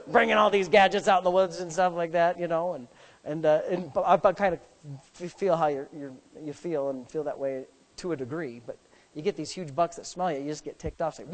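A man preaching in a big hall, his voice trailing off into a long reverb. He swings from loud, climbing exhortation to low, folksy storytelling. He repeats himself and restarts sentences as he talks. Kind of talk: sermon with hunting story.

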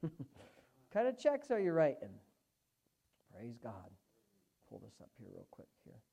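Fervent woman preacher, animated delivery. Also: very deep voice, unhurried, creaky, breathy edge. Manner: emphatic, swinging from hushed asides to fervent loud exclamations. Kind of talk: sermon.

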